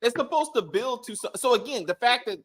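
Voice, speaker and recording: A man co-hosting a casual TV review chat, animated and exclaiming, acting out characters' lines. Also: very high-pitched, fairly quick, crowd noise. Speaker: show co-host reviewing a TV series.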